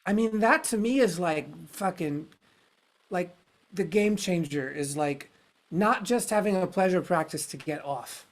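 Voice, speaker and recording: A man hosting a podcast, talking through his ideas in a frank, rambling, searching way. He swears casually and circles back on his thoughts, keeping it relaxed and conversational. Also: sits high, measured pace. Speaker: podcast host.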